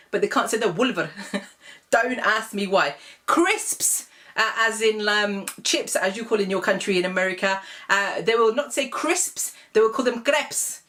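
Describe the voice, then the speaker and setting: A woman's voice: medium pitch, measured pace, bright, forceful tone. A woman from England, talking casually to camera in a comic video blog, chatty and amused, with many ums. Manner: chatty and amused, many ums, laughs at her own examples. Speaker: vlogger.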